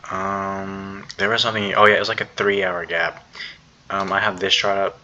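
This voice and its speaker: Sitting at his computer, this young man's voice sits low, with a level tone, normal speed, and a bright, forceful quality. He's a day trader rambling casually through his trading day, heavy on fillers and slang, in a screen-recorded recap. The recording is a bit dull, with faint noise behind him.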